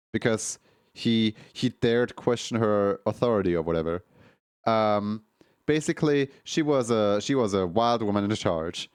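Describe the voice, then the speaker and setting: A man's voice: on the low side, clean tone, dry recording, clean studio sound. A man streaming, telling a long rambling story in casual chat, full of fillers, restarts and laughs at his own jokes.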